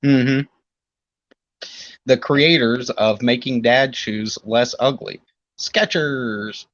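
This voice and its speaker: A man's voice: medium pitch, steady tone, takes it slowly, fairly bright tone, no room sound. Male podcast co-host, easygoing jokester, dry lo-fi mic sound. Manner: laid-back, joking, rambling asides. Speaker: podcast guest. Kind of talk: casual podcast chat.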